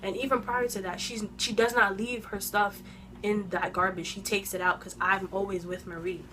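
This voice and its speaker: A woman of twenty-one telling a casual storytime on her own channel, animated and slang-heavy, eating while she talks into a phone camera. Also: medium pitch, normal speed, slight background noise. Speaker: vlogger.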